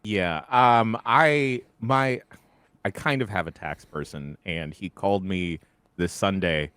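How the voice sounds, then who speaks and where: A man's voice: low voice, slow pace, fairly bright tone, smooth, no room sound. A man hosting a podcast, telling a story in a casual, laughing way into a studio microphone. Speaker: podcast host. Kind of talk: casual chat.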